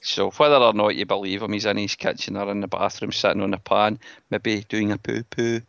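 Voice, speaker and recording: A man's voice: fairly low pitch, fairly even intonation, fairly quick, vocal fry, a bit bright, no room sound, lo-fi sound. A Scottish man hosting a podcast, chatting casually and joking with his co-hosts. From Scotland. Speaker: podcast host. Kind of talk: casual chat.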